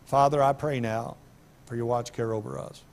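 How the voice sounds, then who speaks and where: A middle-aged man preaching in a church sanctuary, his ordinary mid-range voice breaking into sudden loud, high-pitched bursts when he makes a point. His delivery is animated and conversational. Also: moderate pace. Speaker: pastor. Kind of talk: sermon.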